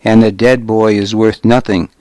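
A man voicing a shrewd, loyal warrior friend in an audiobook, speaking quietly and urgently. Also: on the low side, little pitch movement, moderate pace, dry recording, natural voice. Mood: low urging. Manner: quiet, urging delivery. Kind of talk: audiobook character reading.

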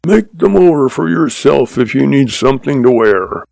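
A bullying old stepfather roars and snarls, rude and domineering, as a male storyteller puts him on. The voice is gravelly with a dark edge, pitched up and drawn out slowly. It sounds like a dry, close reading of a Western storybook. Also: animated, dry recording. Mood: angry. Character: bullying gruff older stepfather rancher.

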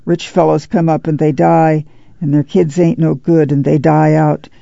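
A woman reading aloud as a steadfast old farm mother with a drawl, soft and gravelly. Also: deep voice, level tone, normal speed, no room sound. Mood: resolute. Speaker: radio reading-service reader. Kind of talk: dramatic radio reading. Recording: dry, slightly muffled studio recording.

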